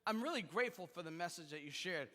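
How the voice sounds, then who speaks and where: A man doing an impression of an earnest churchwoman lamenting that the love is gone, in a pleading, high voice. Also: lively intonation, fast talker, fairly bright tone. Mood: plaintive. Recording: long reverb in a church hall.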